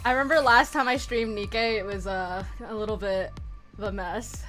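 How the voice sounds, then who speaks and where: A woman in her twenties streaming a game from home, chatting excitedly, pleading and repeating herself as she pulls. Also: mid-range voice, normal speed, soft background music. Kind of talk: casual live-stream chat during game pulls.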